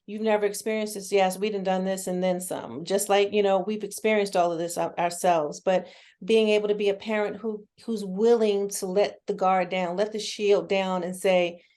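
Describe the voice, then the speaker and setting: A woman therapist speaks in a candid, down-to-earth way as an interview guest. Her voice sits at a middle pitch. She talks earnestly and often restarts her sentences. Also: flat delivery, moderate pace, darkish tone. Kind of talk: casual conversational interview.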